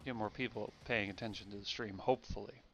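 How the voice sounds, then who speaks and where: Bright-voiced young man streaming games. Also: on the low side, steady tone, fast talker, slight background noise. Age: young adult. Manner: rambling, self-correcting chat. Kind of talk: casual gameplay commentary.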